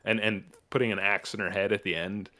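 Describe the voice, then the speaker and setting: Low-voiced man in enthusiastic casual chat. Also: steady tone, brisk, sharp tone. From New Mexico, USA. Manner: enthusiastic, rambling, many fillers and restarts. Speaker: podcast host.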